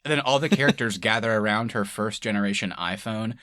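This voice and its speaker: A man's voice: lowish voice, fast talker, fairly bright tone, no echo, studio quality. A man co-hosting a podcast, chatting casually and laughing often as he retells scenes. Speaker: podcast co-host. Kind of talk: casual chat.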